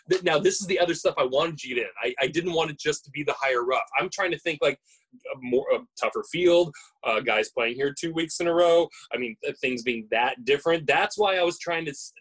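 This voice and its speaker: His voice a little high, brisk, fairly bright, and slightly rough, a male podcast co-host jokes and teases in casual conversation. He frequently stammers as he restarts, and the recording is rough.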